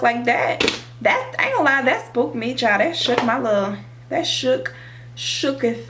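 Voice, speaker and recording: A young woman vlogger telling a dramatic, profane storytime while doing her makeup, animated and expressive. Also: high-pitched, moderate pace, noisy background. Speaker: beauty vlogger. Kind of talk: storytime chat during a makeup tutorial.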